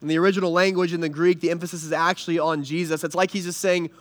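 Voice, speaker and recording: Earnest high-voiced male preacher. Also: flat delivery. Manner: earnest preaching with dramatic pauses, dropping soft and low for weight. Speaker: pastor. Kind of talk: sermon.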